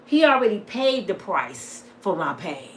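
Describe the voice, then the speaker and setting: Woman, middle-aged, vlogger, animated storytelling, heated and preaching, mid-pitched voice, faint background noise. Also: measured pace. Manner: plain-spoken, addresses viewers as y'all. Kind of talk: casual storytelling and emotional monologue.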